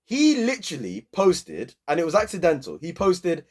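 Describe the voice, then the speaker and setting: Young man, lively pitch swings, fairly high voice, emphatic slangy match review. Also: moderate pace, slightly rough. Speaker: football channel host.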